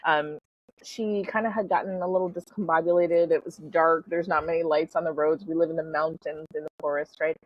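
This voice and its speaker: A woman's voice: deep voice, fairly even intonation, fairly quick, no room sound. A middle-aged woman guest on a podcast, chatting casually through a personal story with lots of "like" and "you know", laughing easily. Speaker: podcast guest, spiritual coach. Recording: slightly dull lo-fi sound.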